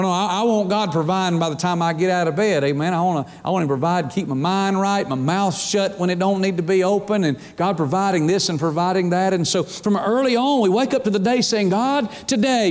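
High-voiced preacher in a reverberant church. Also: male voice, fairly quick, hardly any pauses, darkish tone. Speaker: pastor. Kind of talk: sermon. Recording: long hall reverb.

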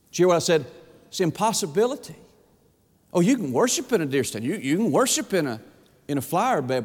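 A man with a Southern US accent preaching a sermon as pastor, emphatic and folksy, often throwing rhetorical questions at the congregation. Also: high-pitched. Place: church sanctuary. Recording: long reverb of a large hall.

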